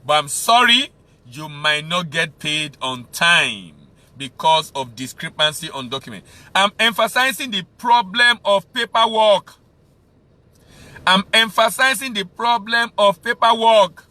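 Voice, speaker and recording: A man's voice: sits high, lively intonation, measured pace, pushed and bright. A man with a Nigerian English accent, teaching export business in an emphatic way, repeating key phrases for stress. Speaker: export trade instructor.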